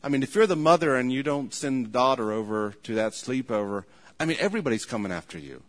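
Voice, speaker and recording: A man's voice: mid-range voice, lively intonation, quick pace. A man preaching a sermon, earnest and repetitive, acting out imagined people as he goes. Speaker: pastor. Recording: long hall reverb.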